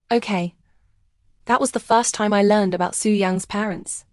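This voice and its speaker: A woman narrating a first-person romance story in a calm, emotional storytelling manner. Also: medium pitch, moderate pace, dry recording, clean studio sound.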